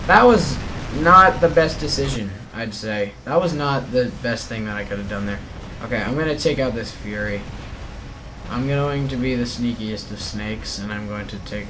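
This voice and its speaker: A mobile game channel host gives playful, chatty commentary while playing, talking both to himself and to his opponents. His voice is medium-pitched at a normal speed, with a noisy background.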